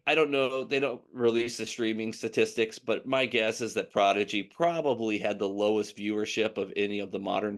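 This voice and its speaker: Rambling man hosting a chat show. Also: fairly low pitch. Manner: rambling, many fillers and restarts. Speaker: podcast host. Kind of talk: casual news chat.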